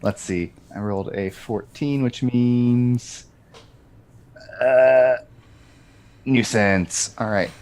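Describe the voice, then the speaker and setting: A man at a tabletop game talks through his dice rolls and house rules in a brisk, chatty way. His voice sits at a middle pitch and stays conversational. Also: a little mellow, slight background noise. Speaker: player. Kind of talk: casual tabletop play chat.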